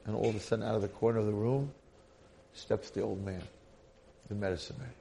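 A man giving a Torah lecture who tells a story in an animated, colloquial way. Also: on the low side, fairly quick, vocal fry, slight background noise.

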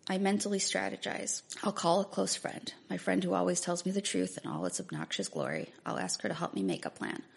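Gravelly husky woman reading a memoir. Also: fairly low pitch, expressive, brisk, hardly any pauses. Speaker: memoir narrator. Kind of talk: first-person memoir reading.

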